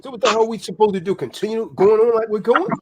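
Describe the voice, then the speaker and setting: A man's voice: sits high, quick pace, husky. A man delivering a heated, profane political rant in a preaching manner, tagging "man" onto his lines.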